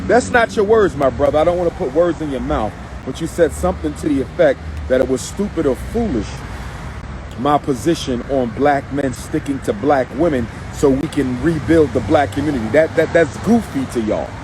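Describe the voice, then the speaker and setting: A man's voice: on the high side, animated, normal speed, background noise. A man giving an emphatic, repetitive, preacher-like live video monologue, speaking from in or near a car outdoors. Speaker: activist livestreamer.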